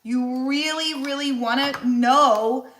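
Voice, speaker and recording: Bright-voiced woman coaching on a livestream. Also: sits high, takes it slowly, echoey room. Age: 40s. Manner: chatty, encouraging coaching tone with many restarts. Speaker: nutritionist and weight loss coach. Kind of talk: casual livestream cooking chat.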